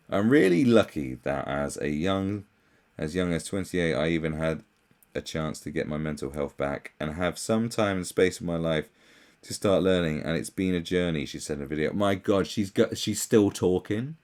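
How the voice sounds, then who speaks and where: A young man ranting sarcastically as a commentary host, swearing often and mocking others in shrill put-on voices. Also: lively intonation, normal speed, darkish tone.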